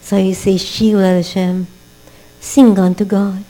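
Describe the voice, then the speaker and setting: A woman's voice: level tone, takes it slowly, mellow, low-quality recording. An older woman teaching a Torah class as a sermon, asking rhetorical questions, weaving in a family story, and building to emphatic exhortations. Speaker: religious teacher. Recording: low mains hum.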